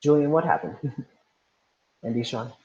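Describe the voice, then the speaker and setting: A male teacher runs an online class over a video call, reading instructions and encouragingly calling on students by name. His medium-pitched, slightly mellow voice has lively intonation and an unhurried pace, with lo-fi sound.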